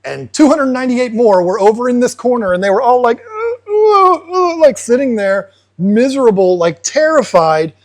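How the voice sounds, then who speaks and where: A man's voice: very high voice, moderate pace, hardly any pauses. A man hosting an aquarium channel, explaining casually and acting out fish in playful asides. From United States. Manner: animated, acts out fish voices in asides.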